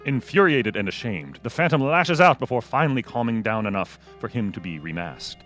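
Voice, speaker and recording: A man co-hosting a film podcast, giving a measured critique with playful interjections. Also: medium pitch, animated, a bit bright, soft background music. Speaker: podcast co-host.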